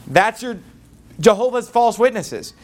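A man delivers a sermon with a voice pitched high for a man. His delivery is animated, rising and falling widely as he reads scripture and explains it. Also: measured pace. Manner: impassioned, reads scripture aloud in King James wording. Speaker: preacher.

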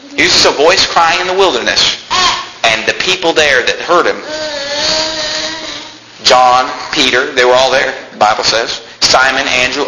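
A man preaching a fiery sermon as pastor, swinging from low explaining to high shouted preaching. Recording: echoey room with noise.

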